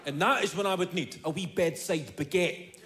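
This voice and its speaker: A Scottish man in his thirties delivering stand-up, with a high-pitched voice and a faint hiss behind him. He tells his story in an animated, profane way. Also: moderate pace. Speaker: stand-up comedian. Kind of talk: stand-up comedy.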